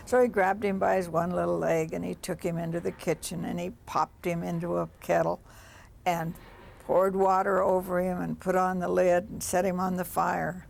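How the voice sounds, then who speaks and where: A woman's voice: on the low side, unhurried, vocal fry. A woman storyteller telling a children's folk tale aloud, with rhythmic repeated refrains.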